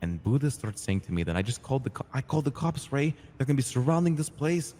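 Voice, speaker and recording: A man playing a streetwise, hot-tempered crew boss in a roleplay game, retelling events in an animated way, acting out quoted lines and swearing freely. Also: deep voice, racing, big-room sound. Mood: earnest. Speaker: roleplay character telling his side. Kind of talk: in-character storytelling in a roleplay game.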